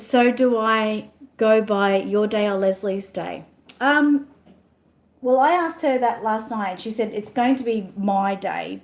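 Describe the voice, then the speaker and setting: A chatty Australian woman hosts a casual livestream from her computer, reading viewer comments aloud as she goes. Her voice sits at an ordinary middle pitch, and the room gives it a noticeable echo. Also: darkish tone. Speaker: livestream host.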